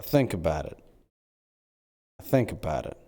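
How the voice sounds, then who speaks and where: A man streaming in-character role-play chat, excitable and scheming, cracking quick jokes. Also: rumbling low.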